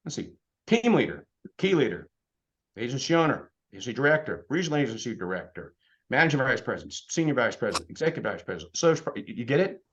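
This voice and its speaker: A man in his fifties giving an energetic motivational business presentation as a sales trainer, firing off rhetorical questions. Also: mid-range voice, quick pace, dull audio. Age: 50s.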